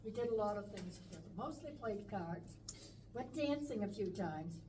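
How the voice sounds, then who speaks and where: A woman sharing fond memories of an old friend at a memorial, rambling and halting, with fond laughter. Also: medium pitch, expressive. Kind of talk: memorial speech, casual reminiscing. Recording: distant mic with clear background noise.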